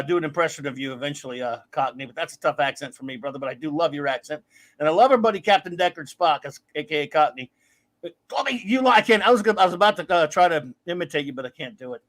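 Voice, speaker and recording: A man's voice: a little high, fairly bright tone. A man co-hosting a live stream, joking around and welcoming viewers by name in casual chat. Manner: jokey, greets viewers by name. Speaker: co-host of a live streamed show.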